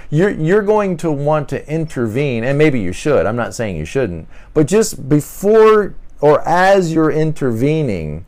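Earnest man with a lively voice. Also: fairly high pitch, a little slow, hardly any pauses. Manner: earnest, repeats words, acts out quoted voices. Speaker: podcast host. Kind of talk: casual teaching monologue.

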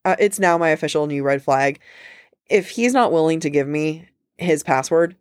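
A woman co-hosting a book podcast in casual chat, talking with quick asides and frequent laughter. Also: low-pitched, clean tone, no room sound, studio quality.

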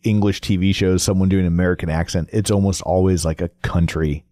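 A man's voice: sits low, fast, no room sound, studio quality. A man co-hosting a podcast, joking wryly in a casual chat. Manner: joking, wry, lively delivery. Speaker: podcast co-host.

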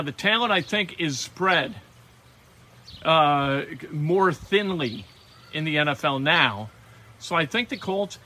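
A man hosting sports talk, giving emphatic opinions in a quick, conversational way. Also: on the high side, pushed and bright, a little hiss or hum. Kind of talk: sports radio commentary.

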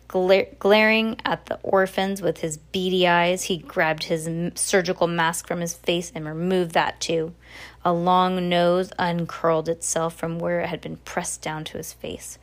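A woman reading a children's novel aloud in a plain, steady way. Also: on the low side. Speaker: audiobook reader. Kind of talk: audiobook narration.

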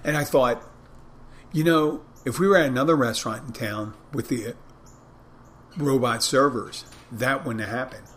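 A man's voice: mid-range voice, normal speed, a bit bright, a little hiss or hum. Rambling bartender man telling a story. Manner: rambling anecdotes, acts out dialogue. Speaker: bartender and podcast host. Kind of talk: casual storytelling monologue.

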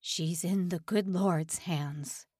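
A woman voicing a calm, pious old male prisoner who leads a secret wedding. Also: mid-range voice, a little slow, dry recording, clean studio sound, close to an everyday voice. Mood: soothing.

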